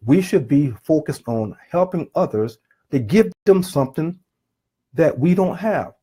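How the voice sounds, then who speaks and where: Earnest rambling man, mellow husky voice. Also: a little high, lively intonation, unhurried. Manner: earnest, rambling, digresses and restarts. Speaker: self-published author giving a talk. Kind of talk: unscripted motivational talk.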